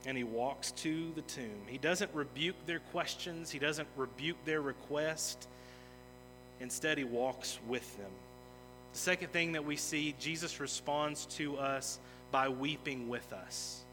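A pastor preaches a sermon in a fairly high, sharp voice at a measured pace, earnest and emphatic, with intensity building in places. The recording carries the long reverb of a large hall, with music in the background.

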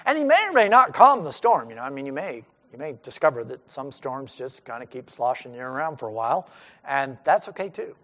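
A man's voice: mid-range voice, very animated, fairly quick, a bit bright. A middle-aged male pastor giving a sermon in a conversational way, acting out the lines of the disciples.

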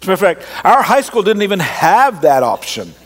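A pastor with a blended Australian and Canadian accent, speaking in a slightly high, mid-range voice. He preaches in an easy, self-mocking, conversational way from the stage into a microphone. His voice rings out with a long reverb across a large church auditorium. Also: big pitch swings, brisk. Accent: mixed Australian and Canadian. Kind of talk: sermon.

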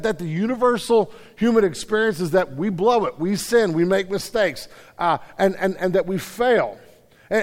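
A man's voice: sits high, long reverb tail. A man preaching a conversational sermon, self-deprecating, with many repeated starts. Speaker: pastor. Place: church hall.

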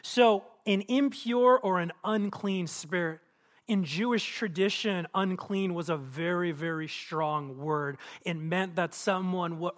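High-voiced man preaching a lively sermon. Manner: animated preaching, acts out quotes, asks the congregation questions. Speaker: pastor. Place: church auditorium.

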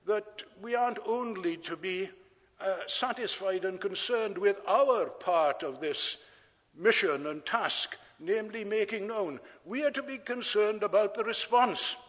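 A man preaching a sermon in a measured, deliberate way, repeating key words for emphasis. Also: high voice, fairly bright tone, long reverb tail.

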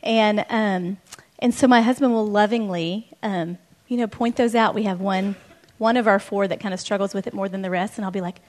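A middle-aged woman co-teaching a marriage course, speaking candidly and gently in a conversational way. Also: mid-range voice, steady tone, moderate pace.

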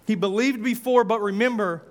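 A man's voice: sits high, fairly quick. A male pastor preaching a sermon, impassioned, with repeated rhetorical questions and casual asides.

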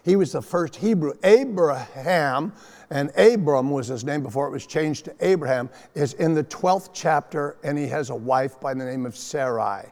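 A man preaching a sermon as pastor, emphatic and animated, often repeating his phrases for weight. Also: fairly high pitch, normal speed. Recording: long reverb of a large hall.

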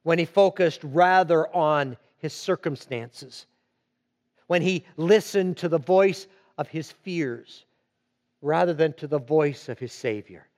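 A man preaching a sermon, slow and emphatic, repeating phrases for weight. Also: a little high, a little mellow. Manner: slow and emphatic, with dramatic repetition.

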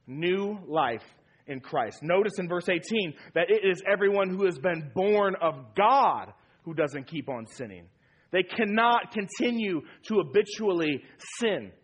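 Emphatic husky male pastor preaching. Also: sits high, lively intonation, moderate pace. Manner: emphatic preaching, repeating key phrases. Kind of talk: sermon.

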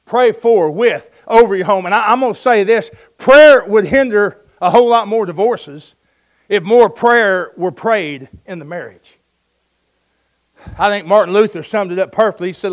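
Preacher guy with a high voice, folksy, tells jokes and hammers the point home. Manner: emphatic, folksy storytelling with jokes. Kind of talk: sermon.

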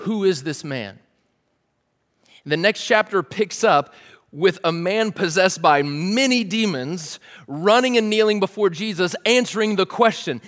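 A man's voice: high-pitched, a bit bright, in a large hall. A man preaching a sermon as a pastor, telling the story vividly in a casual way, with fillers like "like" and "dude".

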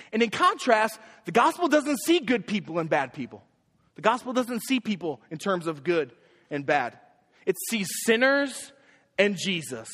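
A young man preaching a sermon as a young adults pastor, emphatic, with sharp rises in pitch on his key points. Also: big pitch swings, moderate pace. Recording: long hall reverb.

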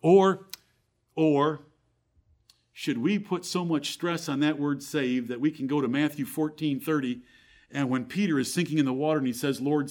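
This man is giving a sermon to his congregation, mixing Bible quotations with rhetorical questions. His fervor swells, then falls away into a quiet, low voice.

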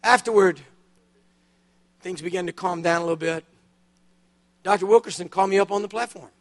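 An older man preaching a sermon as guest speaker, telling his story animatedly, with big swings between loud bursts and hushed solemn passages. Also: brisk. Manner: drops to a hushed, low delivery on solemn points. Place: church conference hall.

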